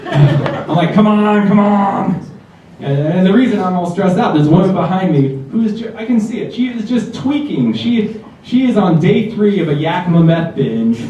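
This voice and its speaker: A man's voice: high-pitched, expressive, moderate pace, dark tone, a little hiss or hum. A man performing a stand-up comedy set at a live show, telling a story and acting out the people in it. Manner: storytelling with acted-out quotes. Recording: distant, echoey, dull live room recording. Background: audience laughter.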